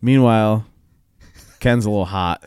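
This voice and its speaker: A man's voice: on the low side, normal speed, darkish tone, clear, resonant tone, dry recording. A man co-hosting a casual podcast chat, telling stories with lots of swearing and laughter. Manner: profane, storytelling, laughs often. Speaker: podcast co-host.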